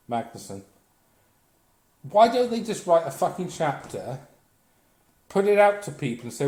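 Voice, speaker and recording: A man with a slightly high voice rants bluntly, full of swearing and sardonic asides. He sounds like he is talking in a bare, echoey room. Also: very animated, a little slow, pauses often, darkish tone. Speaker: vlogger. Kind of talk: profane comic rant.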